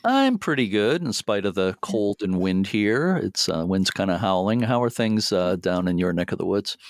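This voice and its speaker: Low-voiced man hosting a podcast. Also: moderate pace, no room sound, clean studio sound. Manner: relaxed, friendly, with frequent fillers. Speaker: podcast host. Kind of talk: casual podcast chat.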